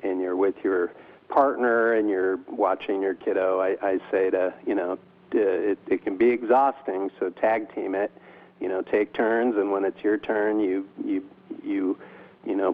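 A man with a low, monotone voice explains things as a doctor guest in an interview. He pauses often, filling the gaps with ums and restarting his sentences. The sound comes through a thin, tinny phone line. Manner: hesitant, many ums and restarts.

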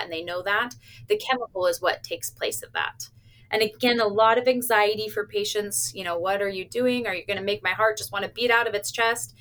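A woman's voice: mid-range voice, fairly bright tone. A woman who works with cardiac stress tests, answering interview questions in an upbeat, plain-spoken way with small laughs. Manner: upbeat, explains plainly with little laughs and playful patient quotes. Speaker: cardiac stress test staff member.

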